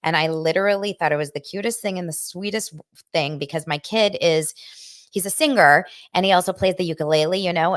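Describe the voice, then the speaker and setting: A woman hosts her own show, talking into a microphone with a fairly low voice. She is personal and emotional, looping back and restarting her sentences. The sound is dry and close with no room around it. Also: dry recording. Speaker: host of a daily pop culture show. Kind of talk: candid casual chat. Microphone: studio microphone.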